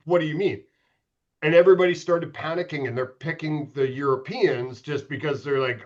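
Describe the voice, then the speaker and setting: A man's voice: on the high side, normal speed, muffled recording. Swearing middle-aged man telling stories. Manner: profane, candid, self-mocking. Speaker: podcast guest, former pro hockey goalie. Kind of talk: casual storytelling.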